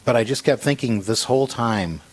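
A man earnestly recounting a painful hospital stay in a conversation about faith, halting and restarting as he talks. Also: mid-range voice, a little hiss or hum. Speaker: guest sharing a personal story.

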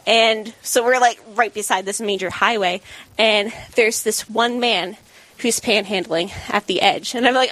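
Lively woman telling a radio story. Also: fairly high pitch, a little slow, dry recording. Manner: animated, acts out quotes with laughs. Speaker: radio co-host. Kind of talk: casual storytelling on talk radio.

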